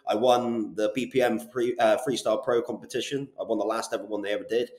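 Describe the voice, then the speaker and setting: A man in his twenties with a Bristol accent, a guest on an interview show, telling stories in a brisk, animated way with casual swearing. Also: on the low side. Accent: Bristol English. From Bristol, England. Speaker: guest, property business owner. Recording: roomy echo.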